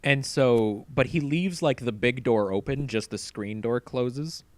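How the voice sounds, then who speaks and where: A man's voice: medium pitch, a little slow, a little mellow, a little hiss or hum. A man hosting a podcast, telling a long story in casual chat. He laughs often and swears freely. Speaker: podcast host.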